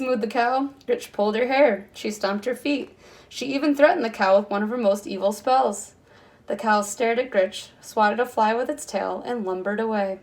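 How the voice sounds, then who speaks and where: Reading a picture book aloud at normal speed, a kindergarten teacher gives a woman's medium-pitched voice to an expressive storytime performance, complete with voices for the characters.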